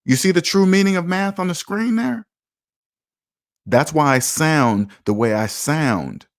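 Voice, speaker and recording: A man's voice: a little high, unhurried. A man hosting a finance livestream, emphatic and self-assured, talking casually and reacting to viewer comments. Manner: emphatic and self-assured, lively swings in loudness. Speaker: finance channel host. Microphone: streaming mic.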